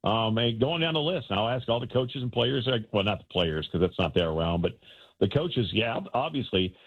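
Male sports-radio co-host on a call-in line, husky and animated, thin tinny phone sound. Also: mid-range voice, normal speed. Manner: animated, colloquial, repeats words when excited. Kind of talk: casual sports talk.

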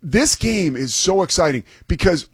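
A man's voice: sits high, expressive, normal speed, husky, no echo, studio quality. A man who is a sports broadcaster, chatting enthusiastically and loosely about a football game with some restarts. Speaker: sports broadcaster and guest analyst. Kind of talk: casual sports talk.

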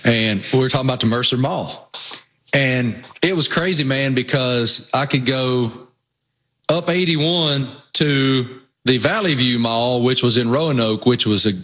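A man's voice: medium pitch, a little slow, a bit bright. A man with a Southwest Virginia accent, co-hosting a casual sports chat and telling rambling, folksy stories. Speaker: co-host.

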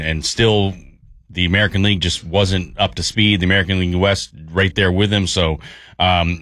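A man co-hosting a sports radio show, talking in a relaxed way and thinking aloud. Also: low-pitched, dry recording, studio quality. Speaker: radio co-host and analyst. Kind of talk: casual sports radio talk.

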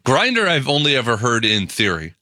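A man chiming in on a radio talk show, playful and relaxed in the banter. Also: medium pitch, brisk, dry recording, clean studio sound. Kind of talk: studio banter. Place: radio studio.

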